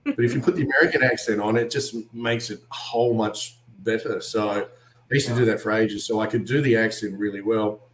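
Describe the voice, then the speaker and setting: A man with an Australian accent, an actor guest on an interview, telling animated anecdotes and acting out what other people said. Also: fairly low pitch, a little fast, echoey room, poor audio. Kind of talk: casual interview storytelling.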